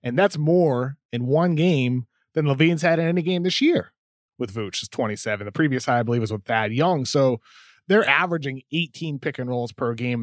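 A man co-hosting a podcast, giving quick, stat-heavy basketball analysis with stammered starts. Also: mid-range voice, dry recording, studio quality. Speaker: podcast co-host.

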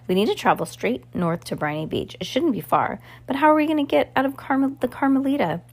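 A woman voicing an anxious, bookish teenage boy in a storybook reading, giving tense, hurried directions. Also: high voice, animated, pitched above the performer's own voice.

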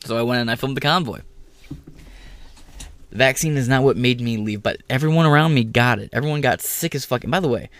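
Swearing nonstop, an American vlogger rants in a heated monologue and mimics others to mock them. His mid-range voice is fairly quick and fairly bright, and the recording is dry.

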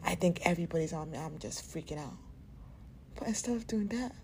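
Candid podcast woman with a mellow voice. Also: lowish voice, animated, brisk, vocal fry, a little hiss or hum. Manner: candid and profane, with frequent laughs; soft, soothing and half-whispered in places. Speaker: podcast host. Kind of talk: unscripted podcast monologue.

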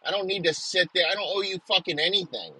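A man's voice: sits high, quick pace, pushed and bright, slightly rough, no echo, low-quality recording. A man delivering an aggressive comedic rant, swearing nonstop and hurling insults.

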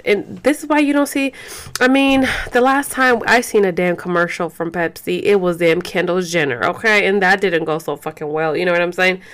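Her voice is smooth and mid-range as this chatty young vlogger talks casually to camera. She swears freely, wanders off topic, switches into Spanish, and often restarts with plenty of fillers.

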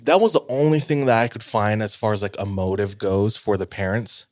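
A man co-hosting a casual podcast, telling a story in a relaxed, hedging way and laughing often. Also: lowish voice, a little fast, dry recording, clean studio sound. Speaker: podcast co-host.

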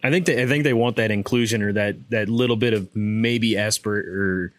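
A man's voice: on the low side, normal speed, no room sound. Hesitant, laid-back man on a podcast. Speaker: podcast co-host. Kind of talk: casual chat.

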